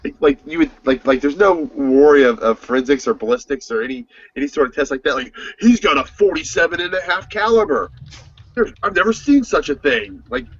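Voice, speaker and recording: A man co-hosting a casual podcast chat, joking and sarcastic with quick asides. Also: fairly high pitch, expressive. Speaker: podcast co-host. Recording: dull lo-fi dry sound, husky.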